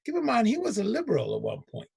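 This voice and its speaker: A male radio host with a gravelly, husky voice that swings widely in pitch as he riffs emphatically. He sits close to a dry mic and talks casually with his co-host. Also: fast, no echo. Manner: animated, emphatic, laughing, puts on voices.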